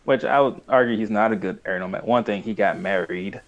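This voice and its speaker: Young male co-host, low-pitched, rambling and animated. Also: brisk, lo-fi sound. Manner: rambling, animated, acts out quoted lines. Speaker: podcast co-host. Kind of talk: casual chat recapping a cartoon.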